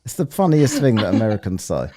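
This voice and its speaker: A man's voice: lowish voice, sing-song, quick pace, warm tone. A man from England hosting a livestream, talking in sweary, mocking casual banter. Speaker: livestream host.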